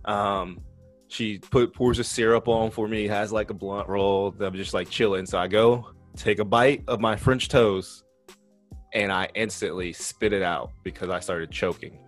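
A man's voice: on the low side, fairly even intonation, unhurried, faint music behind. Blunt, cussing man telling stories. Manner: blunt and profane, laughs through his stories. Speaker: podcast co-host. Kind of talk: casual storytelling chat.

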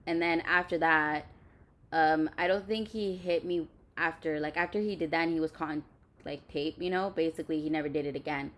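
Blunt, swearing young woman, lowish voice. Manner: blunt, heavy swearing, many fillers. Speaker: podcast host. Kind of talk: candid storytelling chat.

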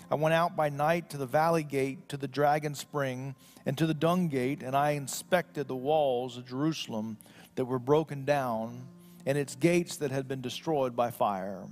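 A man with a somewhat high voice preaches a sermon. He reads scripture slowly and solemnly, then moves into a conversational way of talking with small restarts. Faint music plays behind him. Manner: slow solemn scripture reading. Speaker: pastor.

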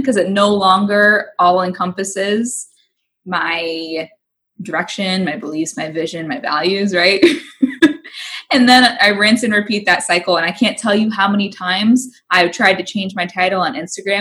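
Woman, podcast co-host, casual chat, candid, swears freely, acts out her own thoughts, middle pitch. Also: steady tone, moderate pace, a bit bright.

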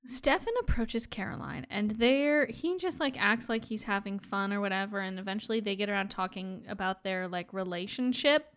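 A woman's voice: mid-range voice, moderate pace, few pauses, clean tone. A woman co-hosting a podcast, chatting casually as she recaps a TV episode and acts out characters' lines. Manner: animated, acts out quoted lines. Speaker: podcast co-host.

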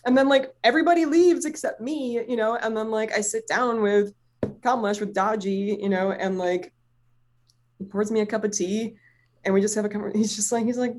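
A woman's voice: on the high side, steady tone, normal speed, darkish tone, a little hiss or hum. A woman chatting casually, telling a personal story in a rambling way, full of fillers and swearing, often laughing. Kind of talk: casual chat.

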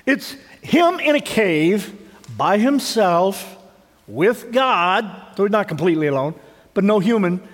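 A man preaching a sermon in a church, his voice sitting notably high for a man. He talks conversationally, tosses out rhetorical questions and often stumbles back over his own words. Long reverb from the sanctuary trails each phrase. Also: animated, a little slow. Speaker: pastor.

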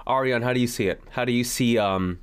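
A man's voice: medium pitch, fast talker, clean tone. A man co-hosting a casual podcast, laid-back, chiming in with short affirmations and questions. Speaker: podcast co-host.

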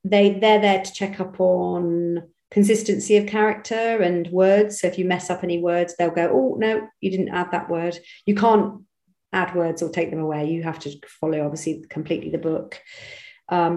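A woman from Britain who works as an actor and audiobook narrator, answering interview questions in a chatty, animated way with quick restarts. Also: fairly low pitch, roomy sound, low-quality recording. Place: home studio.

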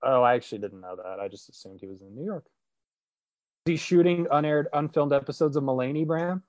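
A man's voice: medium pitch, brisk, darkish tone, no room sound. A man co-hosting a podcast, chatting casually with playful banter. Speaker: podcast co-host. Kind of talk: casual chat. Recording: dry close recording.

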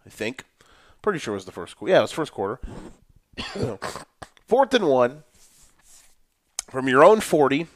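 A young man hosting a solo football talk show, ranting in an animated, profane way about coaches. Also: on the high side, no room sound, clean studio sound. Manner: animated, profane, mocking coaches in a put-on boastful voice. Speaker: sports podcast host.

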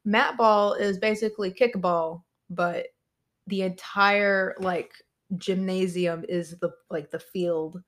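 A young adult woman telling a story as a podcast guest, animated, laughing often and swearing a lot. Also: mid-range voice, slow. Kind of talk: casual storytelling.

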